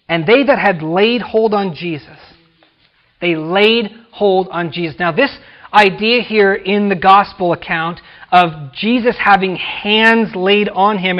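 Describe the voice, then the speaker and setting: A man preaching a sermon as a pastor, emphatic, swinging from loud declarations to quiet drops at phrase ends. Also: high voice, highs cut off. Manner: emphatic preaching, rising and dropping to near-whisper.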